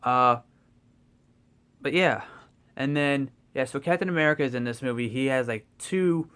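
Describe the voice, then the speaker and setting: A young man vlogging a casual spoiler review of a movie, rambling and excitable, full of fillers and restarts, swearing casually. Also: mid-range voice, moderate pace, clean tone.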